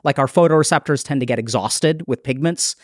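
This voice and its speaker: A man's voice: medium pitch, no room sound, studio quality. Explanatory man in a podcast interview. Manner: explanatory, thoughtful, quick restarts. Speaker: psychiatrist.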